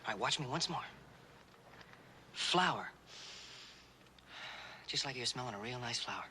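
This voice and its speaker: A man playing a patient young cowboy who teaches sign language to a deaf girl, speaking slowly and coaxing her along. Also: medium pitch, slight background noise. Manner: slow, coaxing, repeating words gently.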